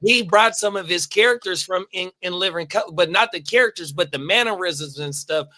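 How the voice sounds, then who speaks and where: A man's voice: sits high, noisy background. A man co-hosting a podcast in casual chat, reacting briefly and searching for words as he recalls things. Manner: short eager reactions and halting recollection. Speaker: podcast co-host.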